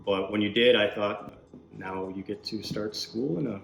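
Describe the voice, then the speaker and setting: A man with a fairly low voice hosts a relaxed interview, asking friendly questions and laughing easily. He sounds like he is in an echoey room with a faint hiss of noise behind him. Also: normal speed, vocal fry. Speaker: host. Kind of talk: casual interview.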